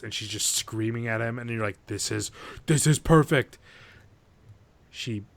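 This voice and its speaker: An animated man chatting casually on a podcast, swearing freely and acting out quoted lines as he goes. His voice sits at an ordinary middle pitch. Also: no room sound. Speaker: podcast co-host. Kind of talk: casual chat, retelling a movie.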